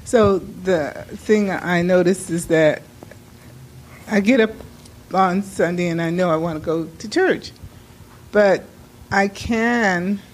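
A woman's voice: on the low side, takes it slowly. A woman speaking up in a group discussion, candid and conversational as she describes her own habits. Faint noise sits under her voice. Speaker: group participant. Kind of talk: discussion remark.

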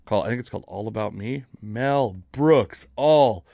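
A man's voice: lowish voice, normal speed, creaky, dark tone, no echo, studio quality. A man hosting his own comedy podcast, rambling through dates and topics in casual, self-correcting chat with the odd curse. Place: near Seattle.

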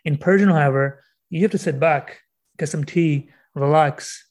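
A man's voice: a little high, darkish tone. Earnest man explaining poetry. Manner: earnest, repeats words while thinking, reads verse slowly. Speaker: guest author. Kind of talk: podcast interview, explaining poetry.

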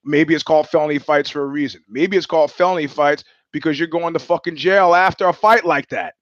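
A man's voice: a little high, brisk, dry recording, muffled recording. A man hosting a podcast, telling stories in a blunt, profane, rambling monologue with frequent restarts. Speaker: podcast host. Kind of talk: casual monologue.

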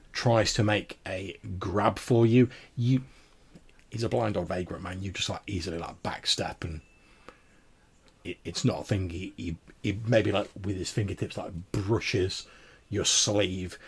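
A man's voice: lowish voice, fairly bright tone, breathy edge. A man narrating as game master of a tabletop role-playing game, rambling with lots of fillers.

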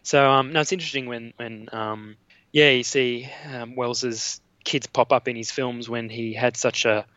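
An Australian man with a bright, forceful voice talks about films in a halting, casual way, full of ums and restarts. The sound is dry and a bit dull. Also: mid-range voice, steady tone, no room sound. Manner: hesitant, many fillers and restarts. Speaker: guest. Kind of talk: casual film discussion.

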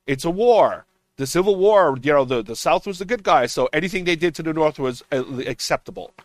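Profane ranting man, higher voice. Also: lively intonation, fairly quick, dry recording. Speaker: podcast panelist. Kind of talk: heated political roundtable talk.

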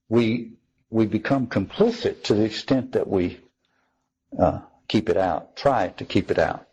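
A man's voice: medium pitch, a little mellow, slightly rough, low-quality recording. A man giving a reflective spoken talk on theology, thoughtful and wry, often restarting his sentences. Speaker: speaker on theology.

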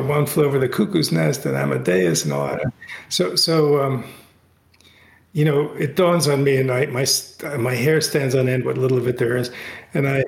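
In a relaxed video-call interview, the guest, a middle-aged author and Tai Chi teacher, shares a story with plenty of animation and frequent restarts. When he's excited his pitch jumps up, and the sound is creaky and reverberant.

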